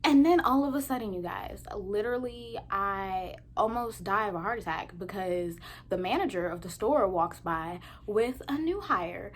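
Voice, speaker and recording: A young woman in her twenties telling casual storytime anecdotes to her viewers, chatty and animated. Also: medium pitch, moderate pace, hardly any pauses, a little hiss or hum. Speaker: vlogger.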